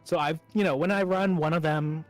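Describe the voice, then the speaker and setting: A man's voice: fairly high pitch, brisk, faint music behind. A man running a tabletop game as dungeon master, talking casually with lots of fillers and trailing thoughts over a voice call. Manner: relaxed, rambling with fillers and trailing off.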